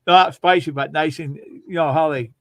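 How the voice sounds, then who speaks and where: A man's voice: fairly high pitch, fairly even intonation, moderate pace, fairly bright tone, dry recording. A man casually telling long, rambling funny stories on a livestream and laughing as he goes. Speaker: livestream host. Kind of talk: casual storytelling chat.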